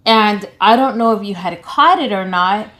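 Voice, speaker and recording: A woman's voice: medium pitch, expressive, normal speed, a bit bright. Rambling woman in casual talk. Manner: rambling, repeats herself with many restarts and fillers. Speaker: pastor's wife, co-host. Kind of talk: casual chat.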